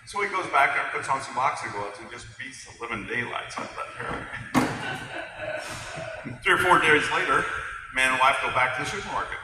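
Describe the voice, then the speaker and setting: A man with a fairly high voice tells a relaxed joke to a crowd during a sermon. He is picked up from far off in a long, echoing hall. Steady background noise sits under his words. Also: fairly quick. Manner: relaxed storytelling, speaking straight to a crowd. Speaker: pastor.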